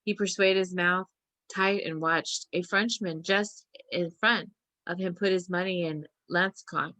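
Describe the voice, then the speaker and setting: A woman reading a short story aloud in a steady, plain narration. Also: on the low side, unhurried, dry recording. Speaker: reader.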